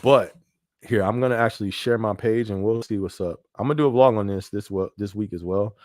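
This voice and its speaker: A man with a fairly low voice hosts a casual live stream, talking easily and looping back on his points. His mic sounds close and dry, with no room around it. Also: fairly quick, a little mellow, dry recording. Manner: conversational, repeats phrases, frequent "you know what I mean". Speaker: podcast host.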